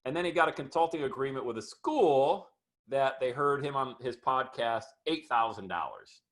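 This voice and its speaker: An energetic man hosts a podcast interview with a bright, forceful voice. He talks in a hyped, emphatic way, pushing his guest along with enthusiasm. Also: mid-range voice, moderate pace. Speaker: podcast host.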